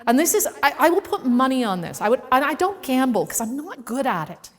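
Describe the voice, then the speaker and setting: A woman speaker telling a personal story to a live audience in a playful, animated way, acting out the voices in it. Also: high-pitched, brisk, in a large hall. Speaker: keynote speaker. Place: event venue with a live audience.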